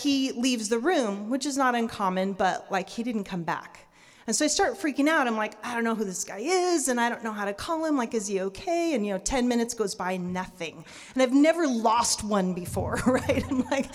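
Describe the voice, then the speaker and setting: A woman in her thirties telling a true personal story on stage before an audience, lively, laughing often and acting out her own reactions. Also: a little high. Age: 30s. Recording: long hall reverb.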